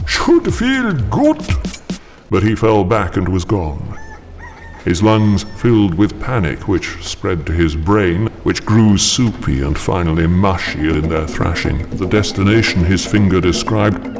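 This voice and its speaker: A man narrating a story with dramatic intensity, pushing his voice much higher whenever he quotes a character. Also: a little slow, a little mellow. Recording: narration with clear background music.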